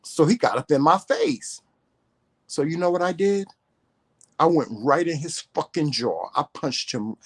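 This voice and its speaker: A man's voice: a little high, slightly rough. A man vlogging to camera, telling a story in a profane, confrontational rant full of emphatic repetition.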